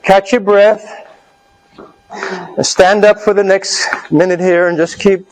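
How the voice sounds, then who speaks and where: Slow, high-pitched and fairly flat in pitch, a workshop leader's voice comes through a low-quality recording. He's breathless as he coaches a live health seminar audience through an exercise, urging them on loudly and checking how they're doing.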